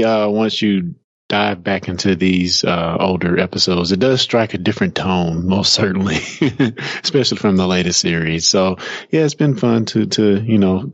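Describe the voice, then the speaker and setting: A man's voice: low voice, no echo. A man co-hosting a podcast, talking in a laid-back, casual way. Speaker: podcast co-host. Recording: dull lo-fi.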